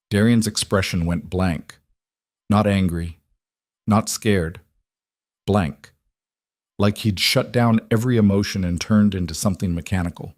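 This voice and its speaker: Low-voiced man for steady crime audiobook narration, dry close sound. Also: unhurried, long pauses, no echo.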